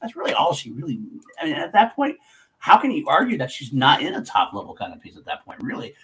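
A man's voice: a little high, huge pitch swings, fast talker, a bit bright. A man in the middle of a casual livestream recap, rambling as he works out his point. He circles back over his own phrases and restarts sentences mid-thought. His tone stays easygoing, the feel of an unscripted co-host. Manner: rambling, repeats phrases while thinking.

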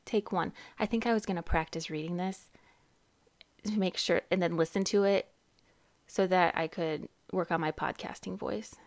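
A woman's voice: lowish voice, steady tone, normal speed. A woman in her thirties hosting a casual podcast, chatty and rambling, often laughing and cutting herself off. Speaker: podcast host and therapist.

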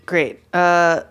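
Woman podcast host, lowish voice, casual storyteller, hesitant and chatty. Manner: chatty, hesitant with many fillers.

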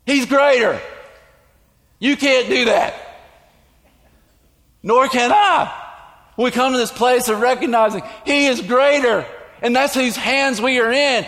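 A man preaching a sermon to his church, emphatic and animated, with sudden shouted lines. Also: very high-pitched, slow pace, pauses often. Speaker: pastor. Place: church sanctuary. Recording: echoey church hall.

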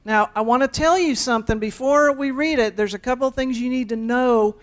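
A woman's voice: high voice, brisk. A woman pastor delivering a conversational sermon, speaking directly to her congregation with playful asides.

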